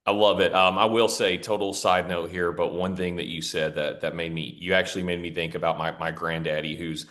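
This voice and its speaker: A man's voice: deep voice, level tone, a little fast, fairly bright tone. A man hosting a podcast, telling a family story in a chatty, affirming way. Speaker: podcast host. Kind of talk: casual interview talk.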